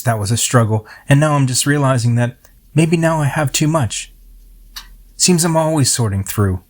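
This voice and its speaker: A middle-aged man reads his own poem aloud at a middle pitch. He tells it in a reflective, unhurried way, like a personal story. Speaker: poet.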